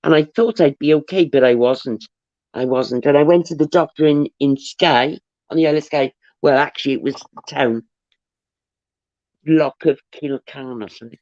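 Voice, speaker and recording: A woman's voice: low voice, normal speed, a little mellow, no echo. A woman hosting a livestream, rambling chattily through viewer comments with frequent restarts. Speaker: livestream host. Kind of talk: casual chat, reading viewer comments aloud. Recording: dull, dry, lo-fi audio.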